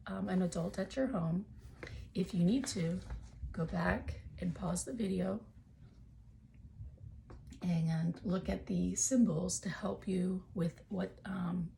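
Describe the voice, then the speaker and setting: A woman's voice: fairly low pitch, vocal fry, warm tone, slight background noise. A woman teaching a phonics lesson to young children from home, talking in a patient, encouraging way.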